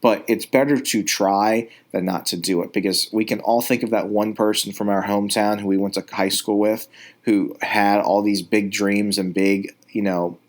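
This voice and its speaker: A man's voice: lowish voice, level tone, normal speed. A man hosting a podcast, giving earnest, rambling commentary with frequent restarts. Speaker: podcast host. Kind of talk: casual reaction commentary.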